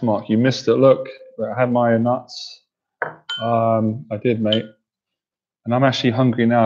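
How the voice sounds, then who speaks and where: Through muffled, dull audio comes a medium-pitched, darkish male voice. He's a livestream host and coach on a relaxed stream, tired-sounding as he reads comments from viewers and repeatedly breaks into giggles.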